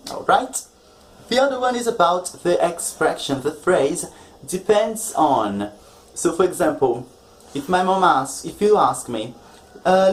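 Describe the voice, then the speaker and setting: A man's voice: on the high side, poor audio. A man teaching an online English lesson, explaining patiently and often checking in with the viewer.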